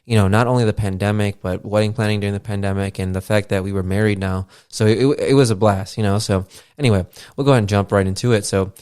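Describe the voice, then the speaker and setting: Man, 30s, podcast host, very low voice, dry close mic, rambling with ums. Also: fairly even intonation, fast talker, a little mellow, clear, resonant tone, dry recording. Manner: loose and chatty, heavy fillers, swears casually. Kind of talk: casual rambling monologue. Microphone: podcast mixer setup.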